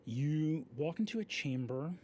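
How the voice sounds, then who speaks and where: A man narrating as game master in a relaxed, descriptive way. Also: a little high, a little slow, slight background noise.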